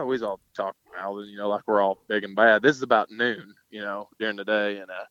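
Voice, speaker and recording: A man's voice: fairly low pitch, steady tone, fast, few pauses, fairly bright tone, no echo. A man, telling rodeo stories in a casual, folksy way with lots of fillers and mild cursing. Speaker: podcast guest, rodeo cowboy. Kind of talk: casual storytelling. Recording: dull lo-fi sound.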